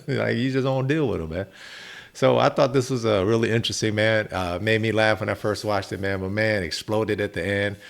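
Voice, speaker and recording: A man's voice: fairly low pitch, fairly even intonation, fairly quick, vocal fry. A man hosting a reaction video, talking in a laid-back, chatty way and peppering his talk with "man". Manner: laid-back, frequent "man", chuckling asides. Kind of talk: casual commentary.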